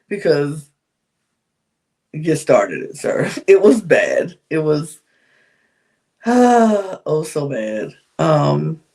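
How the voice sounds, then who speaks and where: A woman's voice: sits low, creaky. A woman hosting a podcast, giving a candid, chatty recap of a reality show, with frequent sighs and laughs. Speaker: podcast host.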